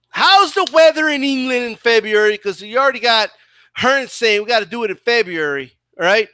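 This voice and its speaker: A man's voice: extremely high pitch, normal speed, sharp tone, clean tone, no room sound, studio quality. A man hosting a boxing channel, ranting sarcastically and swearing in a loose livestream chat, often ending his points with "right?". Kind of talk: profane livestream rant.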